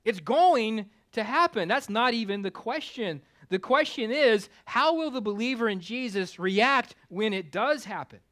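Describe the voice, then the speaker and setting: A male pastor preaching a conversational sermon with self-deprecating humor, climbing louder for emphasis and dropping low for asides. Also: lively intonation, unhurried, few pauses. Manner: rises in pitch and volume for emphasis, drops low for asides.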